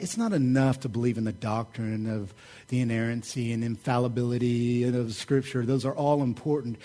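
A middle-aged man preaching a sermon, telling stories in a casual, joking and animated way. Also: mid-range voice, breathy edge. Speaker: pastor.

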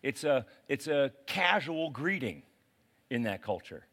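Animated, casual preaching man. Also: mid-range voice, unhurried. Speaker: pastor. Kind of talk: sermon.

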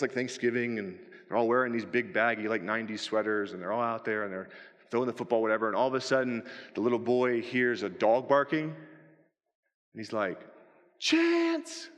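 A man preaching a sermon, animated, acting out scenes from a movie with pleading shouts. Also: mid-range voice, fairly quick, in a large hall. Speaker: pastor.

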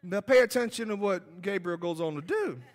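A man's voice: high voice, expressive, moderate pace. A man preaching a revival sermon in a church, fervent and emphatic, repeating his points. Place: church sanctuary. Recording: long hall reverb.

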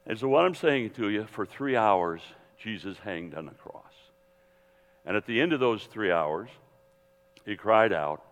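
A man teaching a Bible seminar in a lively, digressive sermon style, full of restarts and asides, speaking to an audience in a hall. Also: lowish voice, unhurried, muffled recording. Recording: long hall reverb.

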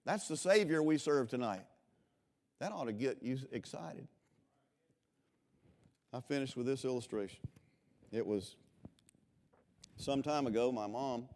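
A man from Florida preaching a revival sermon, swinging between loud impassioned calls and quiet personal storytelling. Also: medium pitch. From Florida, USA.

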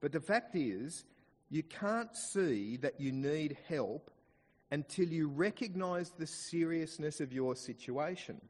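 An Australian man preaching a sermon in church, slowing down to dwell on quoted scripture. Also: on the high side, long reverb tail. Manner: expressive preaching, slows down to stress quoted scripture. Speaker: pastor.

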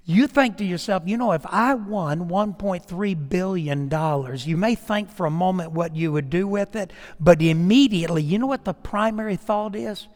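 A man preaching a sermon, swinging from hushed asides to loud, emphatic peaks. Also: sits high, moderate pace, hardly any pauses, in a large hall. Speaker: pastor.

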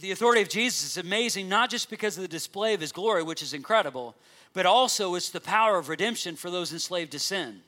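A man's voice: high voice, animated, quick pace, pushed and bright. A man preaching a sermon in an earnest way, reading scripture aloud and explaining it to his congregation. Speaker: pastor.

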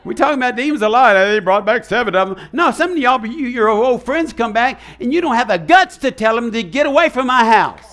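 A man preaching a sermon as pastor, animated and acting out the voices he quotes. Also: very high voice, a little fast, hardly any pauses.

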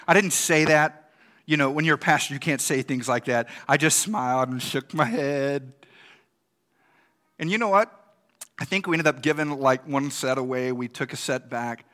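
A man's voice: fairly high pitch, moderate pace, bright, forceful tone. A male pastor giving a conversational sermon, asking the congregation questions and acting out quoted reactions.

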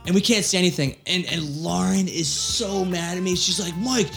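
A man who is a guest on a podcast, chatting casually and telling stories in an excitable way. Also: sits high, moderate pace, gravelly, faint music behind. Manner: excitable, laughing storyteller, says dude a lot. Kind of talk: casual chat.

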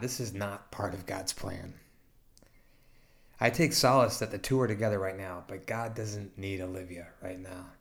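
Pastor, male, low voice; slow, tender memorial eulogy with long pauses. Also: fairly bright tone.

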